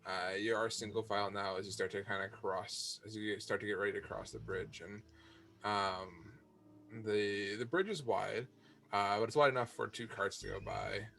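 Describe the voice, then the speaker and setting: A man narrating a tabletop game as game master, halting with many fillers and restarts. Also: on the low side, steady tone, gravelly, a bit bright.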